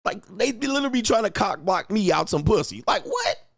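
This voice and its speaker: On his livestream, a man in his forties crudely and boisterously rants, ridicules critics, and reads out viewer comments, cursing along the way. His high voice swings widely in pitch, brisk and marked by vocal fry, in clean studio sound with no room noise.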